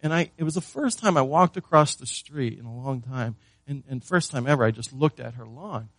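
A man's voice: mid-range voice, expressive, fairly quick, fairly bright tone, no room sound. A man preaching a sermon as pastor, earnest, often repeating words and asking the listeners questions.

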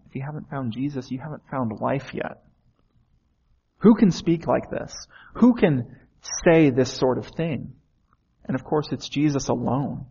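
A man's voice: mid-range voice, vocal fry, a little mellow, husky, dull audio. A man preaching a sermon in an earnest way, often asking the listeners questions.

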